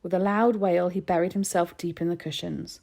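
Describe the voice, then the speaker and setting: A woman narrating a children's novel aloud in an expressive storytelling manner. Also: on the low side, moderate pace, vocal fry.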